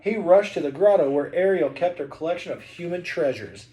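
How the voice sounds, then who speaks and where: A man's voice: on the high side, lively intonation, brisk, warm tone, dull audio. A man reading a picture book aloud to his child, playful and chatty between passages. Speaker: father reading a bedtime story.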